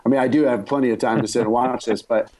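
A man's voice: mid-range voice, steady tone, quick pace, a little mellow. A man chatting casually on a podcast about bad movies, rambling and joking as he goes. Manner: rambling, self-interrupting, joking.

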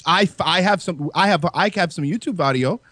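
A man's voice: fairly high pitch, a little fast, a bit bright, dry recording. A man co-hosting a podcast in crude, casual banter, rambling and mocking, often stumbling over his words. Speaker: podcast co-host.

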